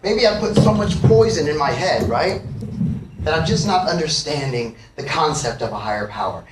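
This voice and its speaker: A middle-aged man tells a confessional story to a live audience, cursing freely and swinging between loud outbursts and hushed asides. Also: fairly high pitch, expressive, a little fast. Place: live music venue. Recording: echoey live room, from far off.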